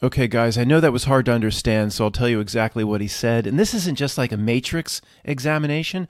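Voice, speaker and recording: A man's voice: medium pitch, fast talker. A man giving casual video commentary in an earnest, emphatic way, laying out a theory.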